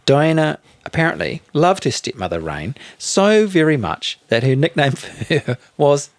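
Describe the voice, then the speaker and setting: A middle-aged man, co-hosting a storytelling podcast. His voice carries a gravelly fry, and his pitch moves in a lively, animated way. He delights in odd facts, close on a dry mic. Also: normal speed, no room sound. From New Zealand. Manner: playful, relishes odd facts. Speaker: podcast co-host.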